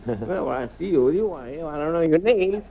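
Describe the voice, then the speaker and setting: A male guest singer on a live TV show, speaking halting broken English. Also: on the high side, animated, vocal fry, very noisy. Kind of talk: live TV sketch comedy. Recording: distant, echoey, dull TV sound with loud crowd.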